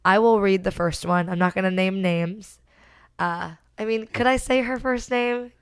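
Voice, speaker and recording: A woman's voice: medium pitch, normal speed, clean tone. A woman co-hosting a book podcast in casual chat, talking in a loose, rambling way. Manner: chatty, trails off and restarts. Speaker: podcast co-host.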